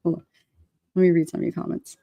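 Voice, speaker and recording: A woman's voice: lowish voice, quick pace, gravelly, no echo, dull audio. A middle-aged woman from Brooklyn with a New York accent, telling a neighbor story on a casual livestream, laughing often and acting out the voices in her story. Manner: animated, laughing often, acts out quotes. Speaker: livestream vlogger.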